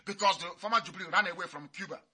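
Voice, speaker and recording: Man broadcasting on radio, high voice, sharp and forceful, mocking tone. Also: very fast, slightly rough. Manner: fiery, mocking, repetitive. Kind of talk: impassioned radio address.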